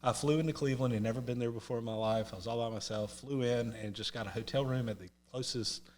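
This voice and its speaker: A man's voice: mid-range voice, steady tone, quick pace, a little mellow. A man from North Carolina with a Southern American accent, a podcast guest who tells a rambling, self-mocking story with many restarts. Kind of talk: casual storytelling.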